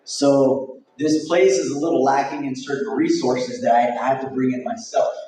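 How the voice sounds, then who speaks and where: A man's voice: medium pitch, fairly even intonation, normal speed, warm tone, recorded from a distance. Rambling man talking in an echoey hall. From Mexico. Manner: candid, rambling and jokey. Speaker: convention organizer. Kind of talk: casual panel talk. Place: event hall.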